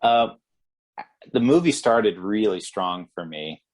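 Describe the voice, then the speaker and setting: A man's voice: lowish voice, animated, slow, a little mellow. A man co-hosting a podcast, chatting casually about a movie in a rambling way, with many restarts and "like". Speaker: podcast co-host. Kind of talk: casual movie review chat.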